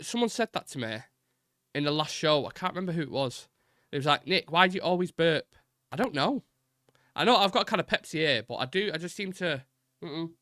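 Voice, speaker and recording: A man hosting a live football fan show, fast-talking and rambling with many fillers while reading chat messages. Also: mid-range voice, sharp tone, no echo, clean studio sound.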